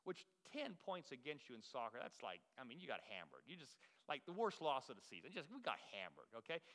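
A man's voice: mid-range voice, sing-song, fast talker, fairly bright tone, big-room sound. A man preaching a sermon as the pastor, telling folksy, self-deprecating stories to his congregation. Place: church sanctuary.

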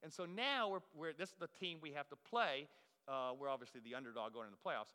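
A man's voice: on the high side, quick pace, sharp tone, clear, resonant tone, long reverb tail. A man preaching a sermon as the pastor, telling folksy, self-deprecating stories to his congregation. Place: church sanctuary.

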